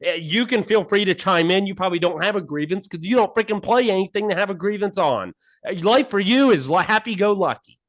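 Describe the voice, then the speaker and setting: A man's voice: high-pitched, a little fast. A man co-hosting a casual podcast over a call, ranting in mock anger and airing grievances. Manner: ranting, mock-angry, animated. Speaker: podcast co-host. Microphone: remote call mic.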